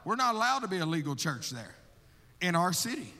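A male missionary preaching a testimony sermon, animated and storytelling, acting out his own prayers and calling listeners brother. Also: sits high, brisk. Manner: calls listeners brother, laughs between stories. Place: church sanctuary. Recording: long hall reverb from a church.

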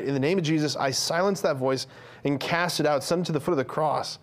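A man's voice: a little high, fairly quick. A man giving an earnest, conversational sermon to men, with frequent fillers and restarts.

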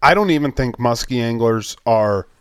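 A man's voice: mid-range voice, animated, normal speed, clear, resonant tone, no room sound, clean studio sound. Man laying out a point in casual podcast talk. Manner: argues by posing hypotheticals and repeated lists. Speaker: podcast co-host. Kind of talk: casual chat.

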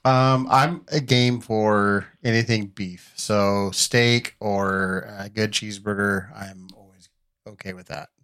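A man's voice: fairly low pitch, fairly even intonation, slow pace, a bit bright, clear, resonant tone. A man co-hosting a casual podcast, teasing with dry humor. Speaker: podcast co-host.

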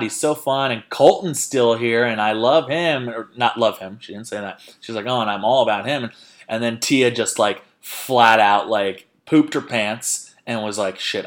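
A man's voice: mid-range voice, a bit bright. A man hosting a podcast, chatting casually and animatedly retelling scenes with quoted voices. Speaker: podcast host. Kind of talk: casual chat recapping a reality show.

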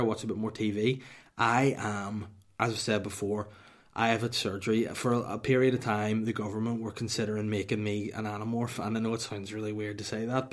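A young Northern Irish man hosting a podcast, telling a comic story in a sweary, mock-dramatic way and dropping to a whisper for punchlines. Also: on the low side. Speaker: podcast host.

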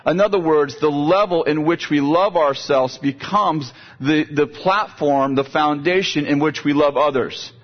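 Husky older man preaching casually. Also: a little high, a little slow, few pauses. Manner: conversational, repeats words while building a point. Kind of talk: sermon with storytelling. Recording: dull, lo-fi sound.

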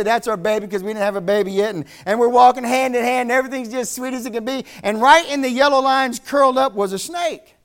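High-voiced preacher telling folksy stories. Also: male voice. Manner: folksy storytelling, rising to emphatic preaching. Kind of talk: revival sermon.

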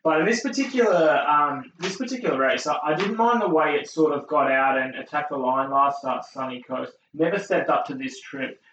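Rambling racing tipster, echoey room. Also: male voice, a little high, normal speed, hardly any pauses, fairly bright tone, slight background noise. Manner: rambling, laughs often. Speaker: racing podcast co-host. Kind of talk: casual tipping chat. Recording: roomy, distant, dull sound.

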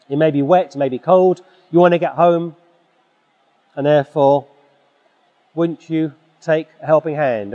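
A preacher delivers a forceful, exhorting sermon in a slightly high voice. The sound is dull and muffled, with a long reverb from a large hall. He clears his throat now and then.

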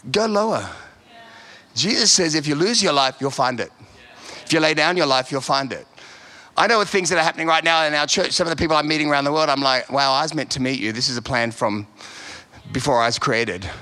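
Guy preaching, kinda high voice, keeps repeating himself for emphasis. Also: fast, sharp tone. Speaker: pastor. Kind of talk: sermon.

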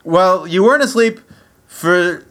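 Male podcast host, jokey and animated, a touch high-pitched, swears freely. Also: measured pace. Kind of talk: casual podcast banter.

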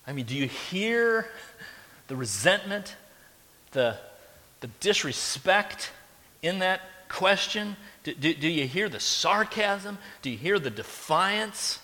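A man's voice: fairly high pitch, very animated, slow, pushed and bright. A man preaching a sermon, emphatic and pressing his listeners with rhetorical questions. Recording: long hall reverb.

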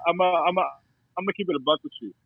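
A man's voice: high-pitched, racing, phone-quality sound, a crowd in the background. A man talking casually as a podcast guest, laid-back and slangy, often repeating himself as he works out what to say.

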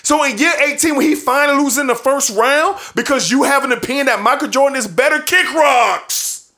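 A man's voice: extremely high pitch, a little fast, bright, forceful tone. A man hosting a sports show, ranting emphatically and repeating his points for effect, with bursts of laughter between points. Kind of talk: sports opinion rant.

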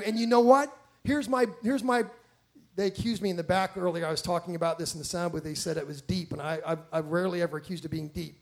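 A man preaching a sermon from a stage, emphatic and animated, with frequent restarts and rhetorical questions. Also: high voice.

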